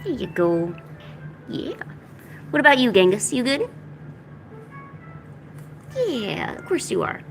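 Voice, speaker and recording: A woman's voice: mid-range voice, expressive, a little slow, pauses often, soft background music. A woman chatting casually at home while painting, slipping into playful baby talk with her cats and teasing them. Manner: teasing, chatty, laid-back. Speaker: art streamer.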